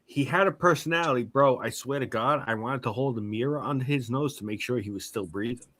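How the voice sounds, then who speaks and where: Brief: man in his 40s, tipsy, swearing, loose streetwise storyteller, bright dry voice. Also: mid-range voice, a little fast, no room sound. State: drunk. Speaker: guest on a live stream. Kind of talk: casual chat.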